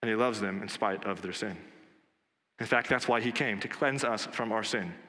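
A pastor preaching a sermon in a church, earnest and emphatic, repeating key phrases for weight. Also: male voice, lowish voice, moderate pace, pushed and bright. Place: church sanctuary. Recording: long reverb of a church hall.

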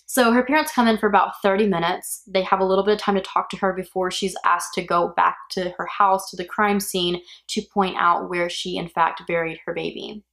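A woman's voice: on the low side, fairly even intonation, brisk, gravelly, few pauses, a bit bright. A woman hosting a true crime podcast, recounting a case in a casual, opinionated way and reacting aloud as she goes. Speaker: podcast host.

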